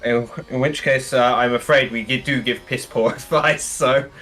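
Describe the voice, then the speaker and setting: A man's voice: mid-range voice, steady tone, normal speed, pushed and bright. A man chatting casually as a guest on a game stream, rambling and laughing as he talks. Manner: rambling, laughs while talking. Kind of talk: casual chat.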